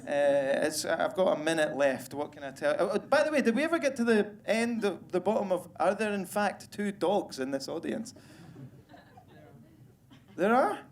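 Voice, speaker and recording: A man's voice: high-pitched, very animated, normal speed, slight background noise. A Scottish man doing a crude, self-deprecating stand-up comedy set on stage, with the audience laughing behind him. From Scotland. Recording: live room with crowd ambience.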